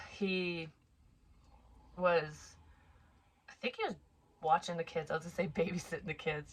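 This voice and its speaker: A woman's voice: sits low, a bit bright. A woman in her forties, a psychic medium, casually telling a personal story in a frank, profane, rambling way. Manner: chatty, rambling with asides.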